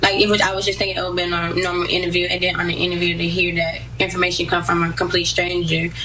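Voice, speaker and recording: A woman athlete answers in a broadcast interview with a bright, sharp voice that stays very flat in pitch. She speaks earnestly and in a measured way, heard from a distance with faint noise behind her.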